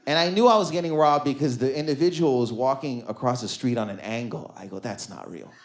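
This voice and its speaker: Amid audience laughter at a comedy club, a man tells stand-up stories fast, acting out quoted lines and repeatedly relying on "you know what I mean." He shifts from loud bursts to low mutters, with background noise present.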